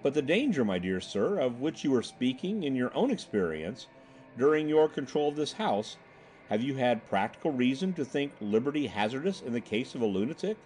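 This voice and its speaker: Polite young storybook traveler, put on by a male reader, eager and earnest, higher voice. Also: sing-song, a little fast, a little mellow, slight background noise, natural voice.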